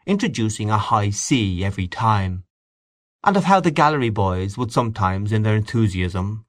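A male narrator reads a classic story in a measured, expressive way. His voice sits low but moves freely in pitch. The recording is close and dry. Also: no room sound. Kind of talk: audiobook reading.

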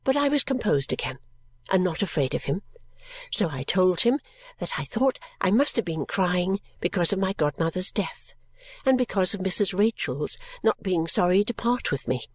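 A woman narrating a story in the first person, reading in a gentle, measured way. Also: on the low side, expressive, husky, no echo. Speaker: audiobook reader.

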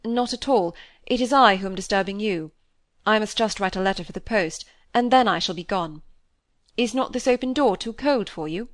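An anxious young gentleman in a storybook reading who speaks brusquely and presses his point, put on by a woman narrator. The voice stays close to the reader's own, pushed slightly louder, and the recording is dry. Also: mid-range voice, normal speed, no room sound, natural voice. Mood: curt. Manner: brusque, insistent.

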